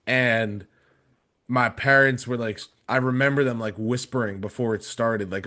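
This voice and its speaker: A man's voice: medium pitch, steady tone, moderate pace, pushed and bright. A man in his twenties casually telling a story on a podcast, rambling with many fillers and restarts. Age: 20s. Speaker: podcast panelist.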